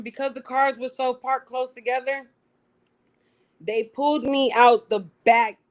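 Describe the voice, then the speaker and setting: Animated woman telling her story. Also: on the high side. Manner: animated, acts out her own past lines. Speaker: guest. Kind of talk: emotional personal storytelling.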